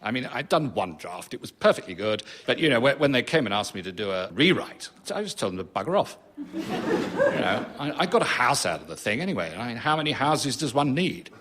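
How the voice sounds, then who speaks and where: A man's voice: mid-range voice, very animated, quick pace, hardly any pauses. A middle-aged man performing a comic monologue for a live audience, rambling, dry and self-pitying. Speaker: comic author performing a show. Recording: live stage recording with noise.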